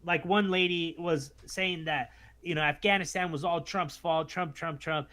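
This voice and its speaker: Animated, fairly high-voiced man co-host. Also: moderate pace. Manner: animated, acts out what others say in mocking voices. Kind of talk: casual political chat on a faith podcast.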